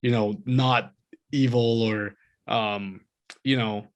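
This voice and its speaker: A man's voice: mid-range voice, steady tone, takes it slowly, dull audio. A man co-hosting a podcast, talking about a book in a casual, rambling and enthusiastic way, often laughing. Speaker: podcast co-host.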